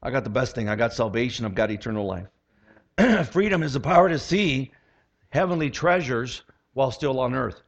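A man's voice: mid-range voice, animated, normal speed, creaky. A man in his sixties, a pastor preaching a conversational, humorous sermon full of rhetorical questions. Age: 60s. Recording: lo-fi dull sound.

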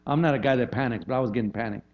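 A man's voice: mid-range voice, racing, lo-fi sound. A man preaching a sermon as a pastor, in a conversational way, often checking in with "right?" and restarting his phrases.

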